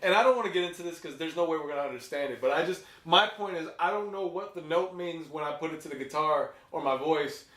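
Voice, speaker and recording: A man with a fairly high voice chats on a podcast, swearing and laughing as he goes. He slips into movie quotes in put-on voices. The room is echoey and he sits back from the mic. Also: quick pace, few pauses, a bit bright, recorded from a distance. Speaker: podcast co-host. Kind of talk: casual chat. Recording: roomy, from off-mic.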